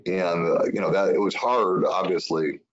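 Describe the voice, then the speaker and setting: A man's voice: deep voice, normal speed. A man speaking as a senator guest in an interview, earnest and reflective. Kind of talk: political interview talk. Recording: dull lo-fi sound.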